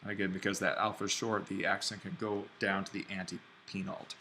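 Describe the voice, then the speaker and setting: A man teaching an online Greek grammar lesson, thinking aloud and slowing down to spell out each form. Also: deep voice, little pitch movement, pushed and bright, a little hiss or hum. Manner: explains step by step, thinking aloud; slows down to spell out Greek forms.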